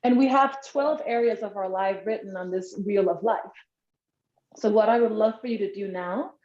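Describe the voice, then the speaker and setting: A woman leading a live online workshop, guiding a relaxing body exercise in a soft, encouraging way with sighs and ums. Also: mid-range voice, moderate pace, roomy sound, lo-fi sound.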